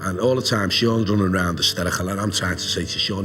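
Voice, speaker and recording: Low-voiced man recalling, shaken. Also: fairly even intonation, over music. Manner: halting, emotional recollection. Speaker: witness, friend of the family. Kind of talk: documentary interview.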